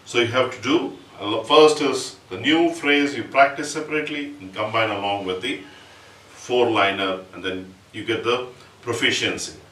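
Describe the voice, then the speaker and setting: A man's voice: mid-range voice, moderate pace, fairly bright tone, distant mic. A man giving a percussion lesson, patiently explaining each step and chanting rhythm syllables. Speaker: percussion teacher. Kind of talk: music lesson with spoken syllables. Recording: roomy, from off-mic, with instrument playing.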